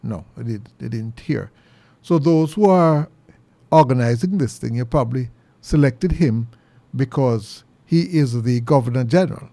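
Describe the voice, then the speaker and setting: A middle-aged Jamaican man delivers an earnest, preachy opinion monologue in a gravelly voice. He sits at an ordinary middle pitch but leaps much higher whenever he hammers a point home. The sound is dry and close. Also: moderate pace, dark tone, dry recording. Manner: earnest and preachy, pitch jumps high for emphasis. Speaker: commentary show host.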